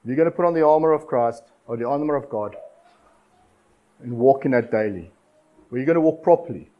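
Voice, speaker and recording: A man preaching a sermon, urging his listeners with repeated phrases and dramatic pauses. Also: mid-range voice, mellow, lo-fi sound. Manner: exhortative, repetitive cadence with dramatic pauses.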